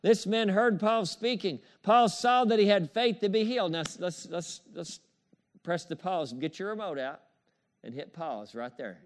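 Male pastor, high voice, emphatic preaching with repeated amens and soft chuckles. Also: moderate pace. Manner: emphatic, repetitive call-and-response preaching with chuckles. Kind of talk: sermon.

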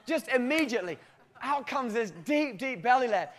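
At a moderate pace, a preacher from Britain shares a personal story in sermon form. His voice sits very high for a man, and his telling is animated and peppered with laughter.

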